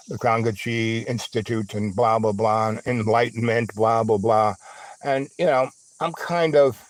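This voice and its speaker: A man hosting a livestream, telling a long rambling anecdote full of fillers and asides, now and then squealing in a high voice for the people in his story. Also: no echo. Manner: acts out other voices with big high squeals. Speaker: livestream host.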